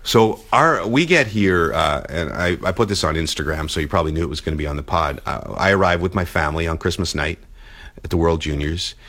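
A man's voice: sits low, brisk, fairly bright tone. A man hosting a podcast in a hotel suite, joking casually and laughing often. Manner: laughs often, playful teasing. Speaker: podcast host. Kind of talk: casual banter.

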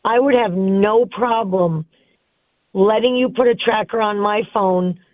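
A woman's voice: medium pitch, unhurried, no echo. Woman caller over a tinny phone line. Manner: firm, emphatic opinions. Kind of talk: call-in radio opinion.

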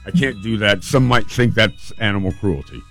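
A man voicing a calm male police officer, firm but kind, speaking in a measured, low-key way. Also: faint music behind.

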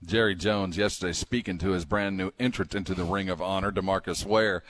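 A man's voice: low-pitched, fairly even intonation, brisk, fairly bright tone, dry recording. A man hosting a morning sports radio show, talking in a rambling, wry way with many fillers. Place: radio studio.

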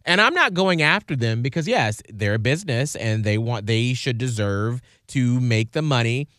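A man talks over a podcast mic in a reflective, earnest way, with frequent filler words. His pitch sits in the middle, and the recording is close and dry. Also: animated, moderate pace, fairly bright tone, dry recording. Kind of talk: casual chat.

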